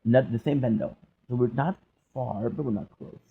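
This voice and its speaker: A man's voice: medium pitch, normal speed, gravelly, phone-quality sound, a little hiss or hum. A young man vlogging in a loose, joking monologue, rambling and cutting himself off, now and then singing bits of songs. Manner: joking, self-interrupting, breaks into singing song lyrics. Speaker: gaming and movie vlogger. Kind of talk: rambling casual monologue with sung snippets.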